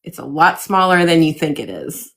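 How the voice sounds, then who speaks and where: A woman's voice: low-pitched, sing-song, normal speed. A woman, hosting a casual interview and affirming her guest. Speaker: podcast host.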